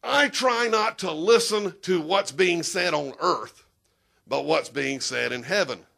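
A man preaching a sermon as pastor in a church, emphatic and animated, breaking into shouts and talking straight to the congregation. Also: a little high, unhurried, creaky.

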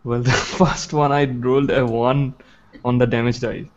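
A man's voice: medium pitch, little pitch movement, unhurried. Male player, hesitant, repeats himself, dull lo-fi sound. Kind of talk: in-character roleplay. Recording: dull lo-fi online audio.

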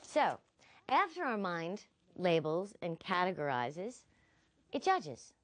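A woman's voice: lowish voice, slow. A woman philosophy instructor giving a recorded lecture, telling stories expressively. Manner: expressive, animated storyteller.

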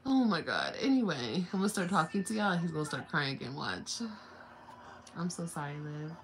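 A woman's voice: deep voice, very animated, moderate pace. A young woman vlogger chatting casually on a livestream from home, often slipping into playful, laughing baby talk with her little son.

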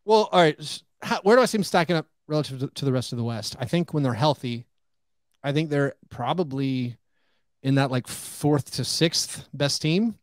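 A man talking as a guest on a podcast, animated, full of "like" and acting out what other people say. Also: on the high side, normal speed, no echo. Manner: animated, acts out quoted remarks, heavy use of "like". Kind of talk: casual podcast chat.

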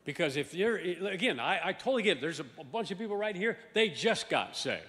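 Pastor, male, higher-pitched, emphatic sermon delivery in a reverberant sanctuary. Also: brisk. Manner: emphatic, swings from loud exclamations to low asides; animated, repeats words and restarts. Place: large church sanctuary.

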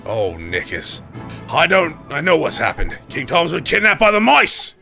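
A man's voice: a little high, wildly swooping pitch, moderate pace, vocal fry, sharp tone, soft background music, pitched below the performer's own voice, heavily acted. A man voicing a cheeky, slangy little male fairy sidekick, reading game dialogue aloud. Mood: cocky. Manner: cocky, slangy, know-it-all.

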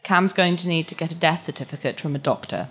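A woman reading aloud, voicing a scornful, sharp-tongued young woman. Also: low-pitched, fast, husky, soft background music.

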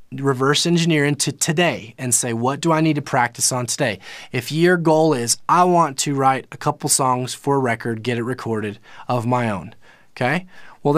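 A man's voice: fairly high pitch, no room sound, studio quality. A man teaching a live online music lesson, explaining in a casual way with plenty of fillers and restarts. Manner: casual, explanatory, lots of fillers and self-corrections.

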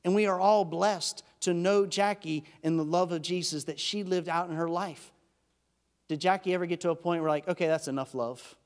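A man, a pastor, giving an earnest, emphatic sermon that swings from loud peaks to hushed, intimate drops. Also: high voice, fairly even intonation, moderate pace. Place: church sanctuary. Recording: church hall reverb.

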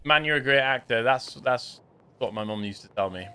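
A man from the UK giving joking, excitable commentary while playing a game, chatting to his teammates. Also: medium pitch, moderate pace, slight background noise. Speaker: gaming YouTuber. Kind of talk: casual gameplay commentary. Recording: game sounds clearly behind the voice.

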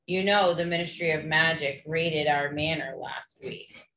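Lady reading as a bragging snooty schoolboy, low voice, echoey room. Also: measured pace, vocal fry, pushed and bright, a little hiss or hum, exaggerated voice. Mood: boastful. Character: sneering boy schoolmate, boastful.

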